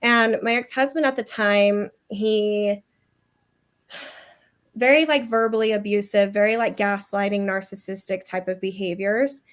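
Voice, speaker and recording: A woman in her thirties speaks as a guest over a video call, with a voice of middling pitch. She talks in a loose, chatty way, full of fillers and restarts, as she tells a personal story. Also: fairly even intonation, a little slow. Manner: chatty, many fillers and restarts, mimics others in quotes.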